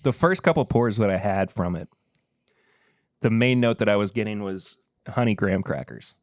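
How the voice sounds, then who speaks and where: A man's voice: lowish voice, moderate pace, no echo, clean studio sound. Laid-back man hosting a podcast. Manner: relaxed, joking, laughs often. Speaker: podcast host. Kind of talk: casual chat while tasting whiskey.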